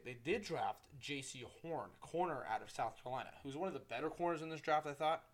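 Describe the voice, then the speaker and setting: A young man hosting his own casual sports podcast, rambling, correcting himself and swearing freely. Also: medium pitch. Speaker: solo podcast host.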